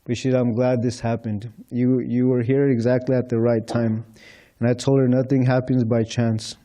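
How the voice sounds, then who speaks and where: A man's voice: mid-range voice, little pitch movement, moderate pace, mellow. A man speaking as a temple speaker, telling anecdotes to a congregation and retelling conversations with light chuckles. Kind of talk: storytelling talk to a congregation. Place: temple hall.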